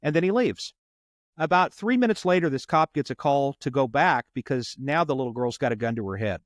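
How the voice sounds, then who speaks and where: A man's voice: mid-range voice, animated, a little fast, no room sound. Earnest storytelling man, dry close sound. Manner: earnest, repeats words while retelling a story. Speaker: police officer. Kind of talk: conversational storytelling.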